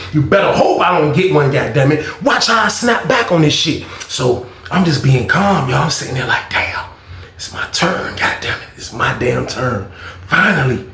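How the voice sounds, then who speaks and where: A man telling a personal story in a casual vlog, animated and profane, acting out both sides of the dialogue. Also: on the high side, vocal fry, roomy sound.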